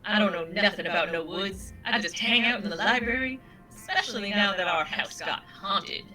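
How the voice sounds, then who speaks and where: A woman's voice: mid-range voice, moderate pace, pushed and bright, soft background music, lightly acted, poor audio. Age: adult. Figure: a woman voicing a tough-talking male black cat. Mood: deadpan. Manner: tries a Brooklyn-style tough-guy drawl. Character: cocky male black cat, street-smart. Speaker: let's play co-streamer.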